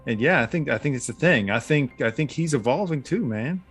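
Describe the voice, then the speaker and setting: A man's voice: mid-range voice, lively intonation, brisk, fairly bright tone, slightly rough, soft background music. A man playing an earnest Bigfoot-hunting guy. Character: earnest male Bigfoot hunter, insists he's sober.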